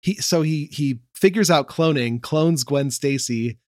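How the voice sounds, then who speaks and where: A young man co-hosting a casual chat, laid-back and quick to laugh. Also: fairly high pitch, a little mellow, dry recording, studio quality. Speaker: podcast co-host.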